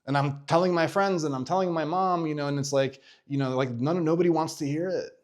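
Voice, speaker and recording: A man in his thirties telling a personal story in a candid vlog, animated, swearing freely and full of fillers and restarts. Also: fairly high pitch, fairly quick. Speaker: vlogger.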